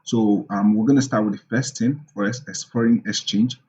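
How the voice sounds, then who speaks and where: A man's voice: on the low side, steady tone, moderate pace, darkish tone, dull audio. A young man, possibly, giving a casual trading tutorial, full of ums and quiz-style questions he answers himself. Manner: asks rhetorical questions and answers them, many ums. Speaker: forex trading teacher. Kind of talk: casual screen-share tutorial.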